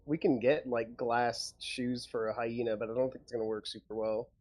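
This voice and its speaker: A man's voice: mid-range voice, flat delivery, normal speed, darkish tone. A man playing in a tabletop game, chatting casually and arguing his points skeptically. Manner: skeptical, argumentative. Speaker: player.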